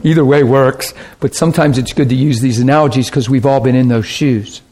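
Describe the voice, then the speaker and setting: A man pastor giving an informal teaching talk, telling stories in an animated way and laughing often. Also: mid-range voice, brisk.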